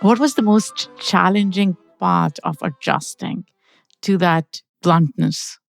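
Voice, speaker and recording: A woman's voice: lowish voice, takes it slowly, vocal fry, soft background music. A woman hosting an interview podcast, responding with enthusiasm and asking questions. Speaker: podcast host. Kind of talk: interview conversation.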